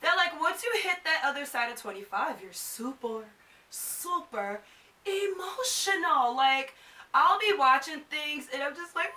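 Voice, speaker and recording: A woman's voice: sits high, lively intonation, normal speed, pushed and bright, distant mic. A woman in her twenties chatting to camera as a vlogger, casual and full of "like". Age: 20s. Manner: chatty, fills with "like". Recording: echoey room, a bit off mic.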